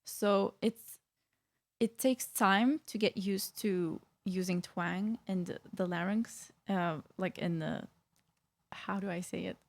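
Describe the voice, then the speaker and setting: A woman's voice: medium pitch, slow pace, gravelly. A woman vocal coach explaining singing technique in a casual reaction video, with frequent fillers and restarts.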